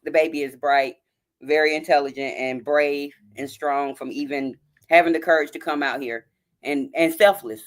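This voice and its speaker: With a low, steady voice at a moderate pace, a woman on a live stream reads a story aloud, her throat tight with emotion. Talking into her phone, she says "y'all" to her viewers and greets chat by name.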